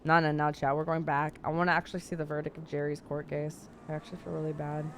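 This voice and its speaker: A woman's voice: deep voice, flat delivery, fast, a little hiss or hum. A young woman livestreamer casually chatting to her viewers while reacting to roleplay clips, swearing and thinking aloud as she goes. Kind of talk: casual stream chat to viewers.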